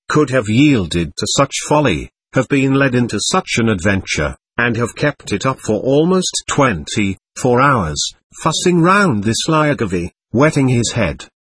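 A man narrating a classic novel as an audiobook, reading expressively and at a measured pace. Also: mid-range voice, fairly bright tone, slightly rough, no room sound. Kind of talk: scripted narration.

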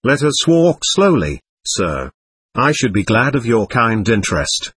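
A man voicing a shabby, bitter middle-aged captain who rambles with ironic self-abasement, husky-voiced. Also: medium pitch, big pitch swings, measured pace, fairly bright tone, heavily acted. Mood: bitter irony.

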